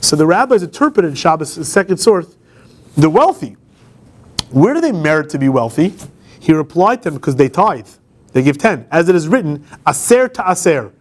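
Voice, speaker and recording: A man's voice: a little high, very animated, normal speed. A man, a campus rabbi, giving an informal classroom lecture, talking conversationally and putting questions to the class. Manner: conversational, asks the class questions, frequent restarts. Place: law school classroom.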